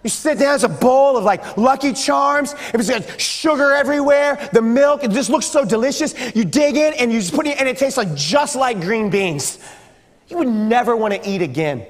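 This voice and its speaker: A man with a strikingly high voice preaches to a youth group, teasing and acting out sounds for laughs. His voice rings with the long reverb of a church hall. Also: expressive, normal speed. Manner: playful, joking, acts out sounds. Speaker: pastor. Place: church sanctuary.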